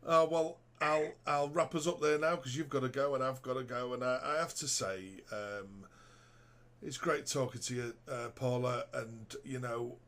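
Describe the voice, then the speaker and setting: A man hosting a podcast interview, relaxed and chummy, backing the guest with "mm" and "yeah". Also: mid-range voice, normal speed. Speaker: podcast host. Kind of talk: casual interview chat.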